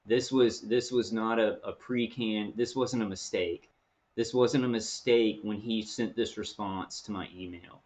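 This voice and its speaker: A man's voice: fairly low pitch, fairly even intonation, a little slow, darkish tone. A man vlogging in an earnest, rambling monologue, often restarting his phrases. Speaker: video blogger.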